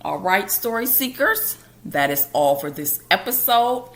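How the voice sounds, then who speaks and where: A woman's voice: mid-range voice, sing-song, unhurried. A woman hosting a podcast, telling a personal story in a casual, conversational way. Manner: casual and conversational, with loose colloquial grammar.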